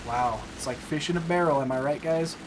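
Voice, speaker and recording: A man's voice: fairly high pitch, a little fast, noisy background. A young man hosting a casual let's play, chatting and joking with viewers, with bursts of frustration. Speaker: gaming channel host.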